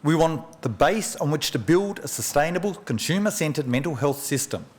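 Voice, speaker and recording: A man, an economist, delivering a formal memorial oration in a measured lecturing way, with rhetorical questions and personal anecdotes, at a podium microphone. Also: on the high side, expressive, darkish tone. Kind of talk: formal public speech. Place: large function room at a press club.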